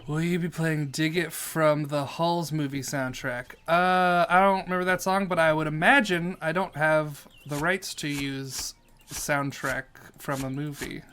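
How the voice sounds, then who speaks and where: This streamer's voice is a little high, steady, fairly bright and smooth, and he takes his time. While gaming, he jokes around, reading chat messages aloud and replying in a relaxed, goofy way.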